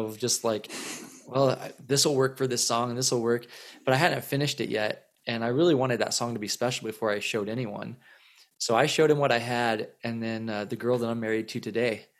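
A musician in his thirties, appearing as a guest, tells a long story in a casual interview. His voice is at an ordinary middle pitch. He rambles and circles back, repeating words and using lots of fillers.

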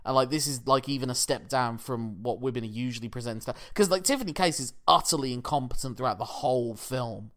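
A man's voice: medium pitch, fairly quick, hardly any pauses, fairly bright tone. Man, rambling film podcast co-host. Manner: rambling, restarts, analytical. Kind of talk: casual film discussion.

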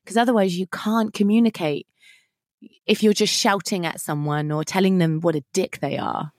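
A woman's voice: on the low side, fairly even intonation, normal speed, dry recording, studio quality. A woman chatting as a podcast guest, enthusiastic and gushing. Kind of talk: casual chat.

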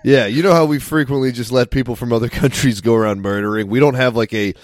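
A man's voice: mid-range voice, fast talker, dry recording. A man with a mid-range voice trades sarcastic jokes in a casual podcast chat. His delivery is loose and teasing, recorded dry and close. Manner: joking, sarcastic.

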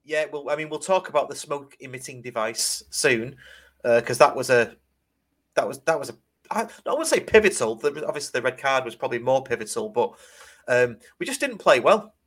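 A man, hosting a fan podcast in casual chat and telling stories in an animated way. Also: mid-range voice, a little fast. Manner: chatty, animated storyteller with restarts. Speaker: podcast host.

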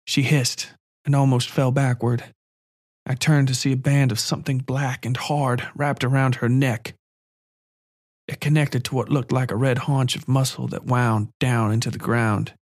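A man narrating a first-person horror story in a measured, quiet, calm way. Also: mid-range voice, dry recording, studio quality.

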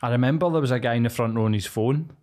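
A Scottish man co-hosting a podcast, with a pitch in the middle of the male range. He tells chatty family anecdotes, loose and full of swearing. The tone is relaxed studio banter. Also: racing. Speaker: podcast co-host.

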